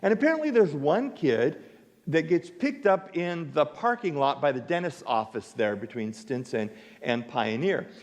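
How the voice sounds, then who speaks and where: A male pastor preaching a sermon, telling a story with lively acted-out dialogue. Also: a little high, moderate pace. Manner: animated storytelling, acts out dialogue. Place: church sanctuary. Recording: reverberant church sanctuary.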